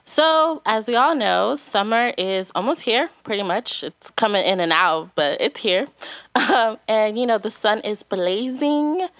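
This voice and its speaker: A woman's voice: on the high side, animated, measured pace, fairly bright tone, no echo. A woman hosting a podcast wellness segment, explaining in a friendly, casual way.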